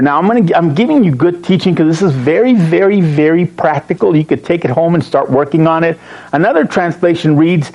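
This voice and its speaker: A man teaching a Bible study, reading verses slowly and stressing key words, with joking asides to his class. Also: fairly high pitch, a little mellow, low-quality recording. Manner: emphatic, slows to read verses, joking asides.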